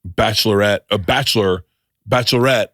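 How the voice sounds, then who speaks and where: A middle-aged man hosting a podcast in casual chat, animated and profane, acting out little voices as he talks. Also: lowish voice, a little fast, dry recording, studio quality. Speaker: podcast host.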